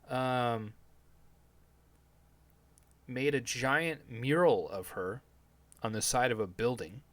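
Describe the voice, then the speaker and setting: A man's voice: medium pitch, a bit bright, no room sound. A man hosting his own podcast as a live stream, rambling and sardonic, swearing often and restarting his sentences. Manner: meandering, profane, full of fillers and restarts. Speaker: podcast host.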